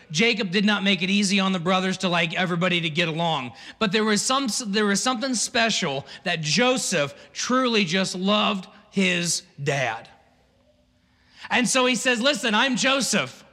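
A man preaching in a lively, chatty way, breaking into asides. His voice sits high and bright. A long reverb trails each phrase, as in a big hall. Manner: animated, conversational preaching with asides and laughs. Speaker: pastor. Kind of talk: sermon.

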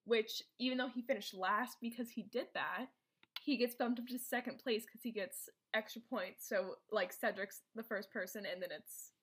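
A woman's voice: a little high, normal speed, a bit bright, breathy edge. A woman casually recapping a movie plot as a co-host, rambling with lots of filler words. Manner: rambling, filler-heavy storytelling with many "like"s. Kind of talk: casual chat.

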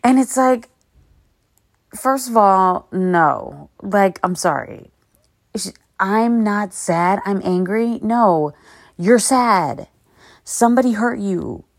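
A woman's voice: medium pitch, lively intonation, slow, gravelly, no room sound, studio quality. A woman hosting her own podcast, talking in a blunt, profane, rambling way. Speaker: podcast host. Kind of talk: casual solo podcast monologue.

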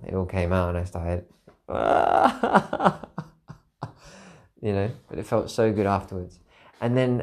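A man with a fairly low voice speaks alone as a podcast host, tired and unguarded. He rambles reflectively and circles back over the same phrases to press his point home. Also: a little mellow. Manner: candid, rambling, repeats phrases for emphasis. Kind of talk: reflective solo monologue.

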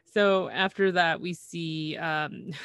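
Low-voiced woman, dry close sound. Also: very slow, vocal fry, fairly bright tone, clean tone, dry recording. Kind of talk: casual recap chat.

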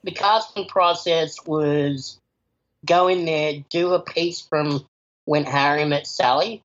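A man's voice: fairly high pitch, steady tone, takes it slowly, fairly bright tone. A man, an actor answering interview questions in a chatty, enthusiastic way, often saying "you know". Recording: slightly dull lo-fi recording.

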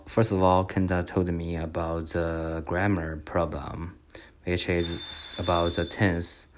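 A young man speaks in a very low, flat voice, slowly working through a class feedback report. His non-native English is halting, with frequent restarts. The delivery stays even and unhurried throughout. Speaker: language student.

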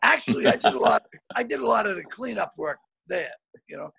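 An older man over sixty telling loud, swearing anecdotes as a comedian guest over a video call, often repeating words as he goes. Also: high-pitched, animated, a little fast, creaky, breathy edge. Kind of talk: storytelling anecdotes.

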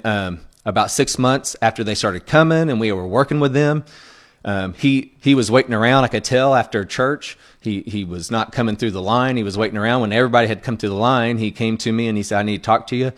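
A pastor giving a conversational sermon, earnest and plainspoken, often checking in with the congregation as he teaches. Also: on the low side. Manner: frequent checking-in asides to the congregation.

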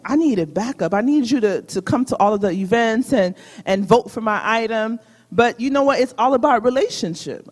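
A preacher at mid pitch urges the congregation on, leading call-and-response and asking them to say the verses together. The voice carries a long hall reverb from the sanctuary. The speaker addresses both the room and an online audience. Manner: exhorting, asks congregation to repeat lines. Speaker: guest preacher.

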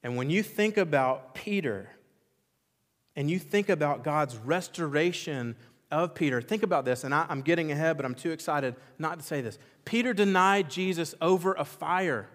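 Male pastor, higher-pitched voice, fervent repetitive preaching, long church-hall reverb. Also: normal speed. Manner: impassioned preaching with emphatic repetition; swings between loud exclamation and quiet intensity. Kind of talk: sermon. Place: church sanctuary.

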